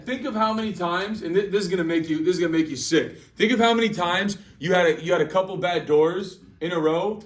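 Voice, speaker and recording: A man giving an energetic sales training talk to a group, repeating his phrases. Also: high-pitched, quick pace, hardly any pauses. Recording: echoey room, distant mic.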